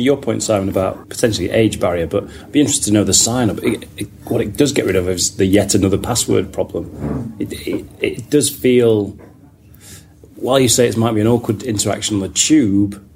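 Man, podcast co-host, low voice, halting and thoughtful, faint background noise. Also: a little mellow. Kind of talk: casual panel discussion.

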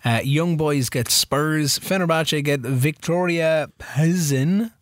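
A man's voice: on the high side, takes it slowly, no echo, clean studio sound. A man co-hosting a casual podcast, bantering and teasing his partner. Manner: teasing, banter, reads lists aloud. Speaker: podcast co-host. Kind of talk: casual chat.

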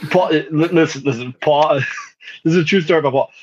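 Husky young man on a dull recording. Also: fairly high pitch, fairly quick. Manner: laid-back storyteller, swears, laughs. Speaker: podcast co-host. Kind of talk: casual chat.

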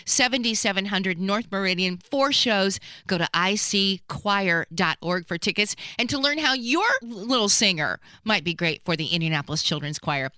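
A woman hosting a radio show, enthusiastic and brisk as she reads event announcements. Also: mid-range voice, bright, forceful tone, clear, resonant tone, dry recording. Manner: enthusiastic, brisk promo delivery. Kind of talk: radio host reading announcements.

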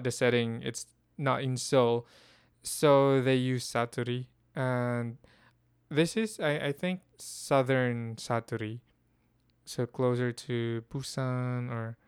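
A man's voice: medium pitch, flat delivery, takes it slowly, clear, resonant tone, no room sound. A man casually talking about a film he watched, hesitant and often restarting his sentences. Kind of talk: casual film review chat.

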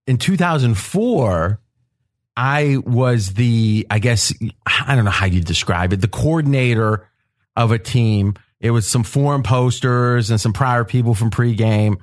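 A man hosting a betting podcast roundtable, telling stories in an animated way and laughing often. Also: mid-range voice, a little slow. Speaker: podcast host. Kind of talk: casual roundtable talk.

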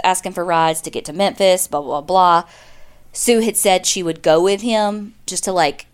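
A woman's voice: medium pitch, clear, resonant tone. A woman, casually telling a true-crime story as a podcast co-host, chatty and full of "like.". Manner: chatty, lots of "like", acts out quotes.

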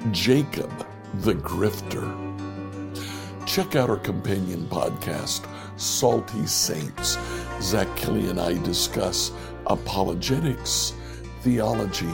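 A man hosting a devotional podcast, giving a slow, relaxed sign-off. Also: sits low, vocal fry. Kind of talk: podcast outro. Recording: voice over music.

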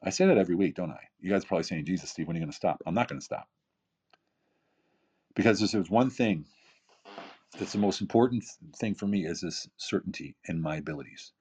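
Fifties guy, very low husky voice, motivational talk, keeps repeating himself and asking "right?". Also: lively intonation, a little fast, long pauses, darkish tone. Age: 50s. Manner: emphatic, repeats phrases, rhetorical questions. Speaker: podcast guest, keynote speaker and author.

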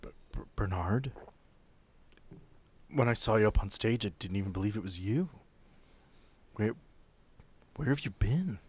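A man's voice: fairly low pitch, expressive, a little slow, long pauses, slightly rough. A man voicing a bewildered, tearful dead wife. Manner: soft, tearful, pleading. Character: grieving woman returned from the dead, a hunter's wife.

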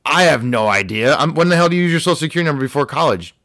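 A man's voice: fairly high pitch, very fast, no room sound, clean studio sound. A young adult man, a podcast guest, casually telling a funny story from his teenage years. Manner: animated anecdote telling, acts out quoted voices.

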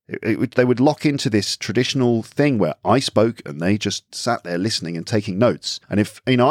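A man's voice: fairly low pitch, dry recording, clean studio sound. A middle-aged man with an English accent, chatting as a podcast guest and acting out little asides as he talks. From England. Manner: chatty, animated storytelling with acted-out asides. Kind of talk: casual podcast conversation.

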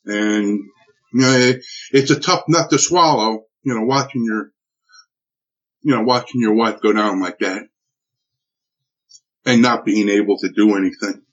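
A man recounting a personal ordeal in an interview, animated and full of restarts and acted-out quotes. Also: lowish voice, unhurried, pauses often. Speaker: interviewee telling a personal story. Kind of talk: emotional spoken recollection. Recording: dull lo-fi recording.

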